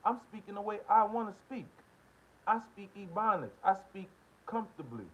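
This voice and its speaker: Here an American man hosts a political commentary channel, delivering a heated monologue that confronts, curses, and repeats short questions. His high-pitched voice swings widely in pitch at a moderate pace, over dull lo-fi audio.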